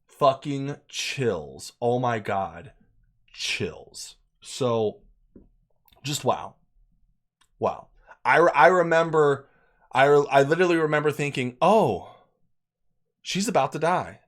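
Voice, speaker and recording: This casual movie review comes from a man with a mid-range voice who talks slowly and pauses often. He's unscripted and excitable, cursing freely and repeating himself for emphasis.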